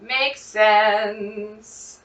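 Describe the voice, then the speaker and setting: A woman chatting excitedly to her viewers as she cooks, thinking out loud in a casual vlog. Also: mid-range voice, very slow, reverberant, recorded from a distance. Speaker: cooking vlogger. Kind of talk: casual cooking vlog, talking to camera. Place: home kitchen.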